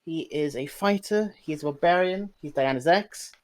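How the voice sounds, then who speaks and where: A man's voice: fairly high pitch, moderate pace, rough recording. A jokey man player introducing his character at the game table. He sounds enthusiastic and at ease. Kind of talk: casual chat at a game table.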